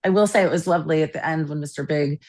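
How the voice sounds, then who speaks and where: A woman's voice: low voice, rapid-fire. A woman in her fifties co-hosting a casual podcast, telling stories with lots of laughter. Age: 50s. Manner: animated storyteller, laughs often. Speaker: podcast co-host. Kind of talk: casual group chat.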